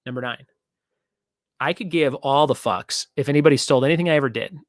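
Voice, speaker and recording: A man's voice: medium pitch, fast talker, no echo, studio quality. A young man hosting a casual live-stream trivia show, joking and rambling as he reads out viewer comments.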